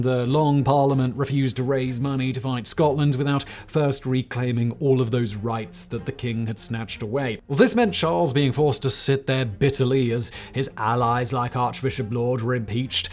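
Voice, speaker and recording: A man giving scripted history narration with a wry, sarcastic humor and emphatic, swinging delivery. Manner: wry, sarcastic, jokey asides; lively, emphatic delivery with big pitch swings. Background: faint background music.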